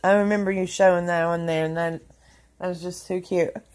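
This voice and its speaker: A young woman, talking to her viewers in a casual vlog, soft-spoken and affectionate, her speech trailing off. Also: lowish voice, steady tone, brisk. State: tearful. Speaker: vlogger.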